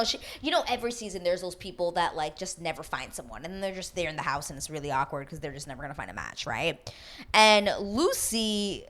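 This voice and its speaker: Chatty woman vlogger with a lowish voice. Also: fairly bright tone. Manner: chatty and gossipy, with many asides and tag questions. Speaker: recap vlogger. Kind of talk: casual chat.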